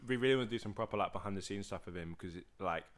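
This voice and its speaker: Guy rambling through stories on a podcast, gets excited, tons of likes and restarts. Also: deep voice, very fast. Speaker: podcast co-host. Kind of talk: casual storytelling chat. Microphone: podcast mic.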